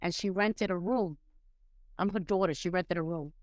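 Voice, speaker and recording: Smooth-voiced woman telling her story. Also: moderate pace, dry recording. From Puerto Rico, raised in New York City. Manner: animated, acts out quoted people with rising pitch. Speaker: podcast guest. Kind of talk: casual storytelling interview.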